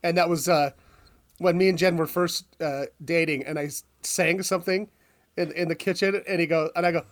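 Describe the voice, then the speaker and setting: A man's voice: on the high side, fairly even intonation, a little fast. A man hosting a podcast, telling rambling stories in casual chat with lots of ums. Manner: rambling storyteller, filler-heavy, swears. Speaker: podcast host.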